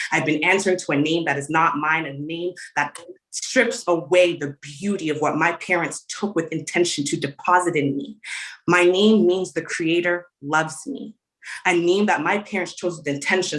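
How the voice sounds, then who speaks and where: A young adult woman from Canada delivers spoken word poetry with fierce conviction. Her voice sits a little low, and she builds her lines through rhythmic, insistent repetition. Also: fairly bright tone, poor audio.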